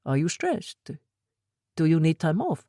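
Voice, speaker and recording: A woman voicing a middle-aged male shop owner who speaks in quick bursts with a heavy accent and stilted phrasing, in an audiobook. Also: sits low, sing-song, warm tone, dry recording, clean studio sound, exaggerated voice. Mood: brisk concern. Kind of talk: audiobook character voice.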